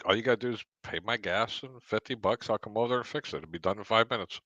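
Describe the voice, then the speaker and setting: A low-voiced man with a bright, forceful edge trades blunt, brash opinions as co-host of a sports call-in stream. He talks over others and pushes his point hard. The sound is dry and close. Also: fast talker, no room sound, lo-fi sound. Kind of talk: live call-in sports talk.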